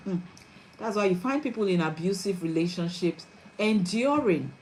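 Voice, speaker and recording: A woman's voice: lowish voice, lively intonation, moderate pace, darkish tone, slight background noise, low-quality recording. A middle-aged woman, a parenting coach, giving an earnest and emphatic teaching talk and often checking that listeners follow.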